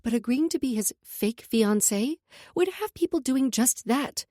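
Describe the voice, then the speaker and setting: A woman narrating a first-person romance audiobook in an expressive manner, read close to a studio mic. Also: high voice, a little slow, no echo.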